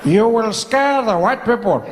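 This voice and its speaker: Brief: comedian putting on an aged statesman, wise, slow and grave, lively pitch, on a reverberant stage. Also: crowd noise, noisy background. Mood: slow-lecturing. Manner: slow, weighty, measured delivery.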